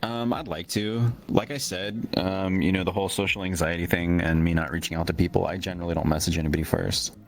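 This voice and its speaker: A man's voice: deep voice, fairly even intonation, quick pace, few pauses. A man as an interview guest on a livestream, laid-back, laughing often and rambling through answers.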